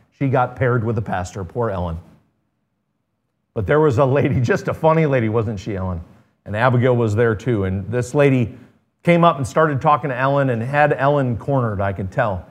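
A male pastor of medium pitch preaches to his congregation. He reads old-style scripture passages with building force. Between readings he turns soft and conversational and tells stories. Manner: reads scripture with rising intensity, then drops to quiet, conversational asides.

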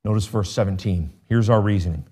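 A man's voice: lowish voice, fairly quick, dark tone, breathy edge. A man preaching a sermon, asking his congregation rhetorical questions and reading scripture in King James wording.

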